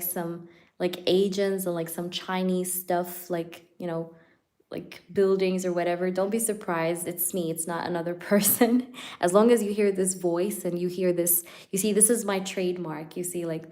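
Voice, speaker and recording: Low-voiced chatty woman tarot reader. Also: a little mellow. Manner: chatty and playful, laughing often, heavy on "like" and "you know". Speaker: tarot reader hosting a live stream. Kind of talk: casual live-stream chat and tarot reading.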